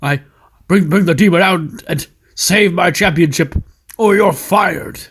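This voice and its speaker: A blustering older boss of a wrestling company barks demands and threats, as a man acts him out. He talks in a bossy, pushy manner, with his pitch jumping up when he presses. It's a casual game-recap voice. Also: measured pace, fairly bright tone, slightly rough, exaggerated voice. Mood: bullying.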